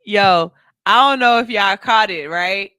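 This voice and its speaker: A man's voice: high-pitched, unhurried, heavy background noise. A man hosting a radio show, casually reacting to comedy clips and repeating himself for emphasis.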